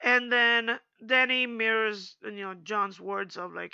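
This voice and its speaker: A young woman chatting casually in a slangy, animated recap, acting out quotes as she goes. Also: fairly high pitch, measured pace, vocal fry, few pauses, clear, resonant tone, no echo, dull audio.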